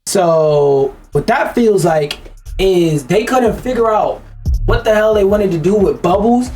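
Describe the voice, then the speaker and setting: A woman's voice: mid-range voice, lively intonation, a little slow, dark tone, faint music behind. A woman giving a blunt, profane, ranting commentary on a show.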